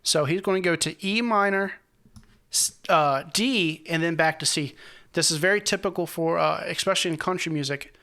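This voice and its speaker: A man with a bright, forceful voice that sits a little high for a man. He reacts earnestly and moved to a country song, then walks through its chords in a loose, enthusiastic way, tripping over his words and starting sentences again. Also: moderate pace. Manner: enthusiastic, often restarts mid-sentence while explaining; earnest and moved, speaks about the song with feeling. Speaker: music reaction channel host.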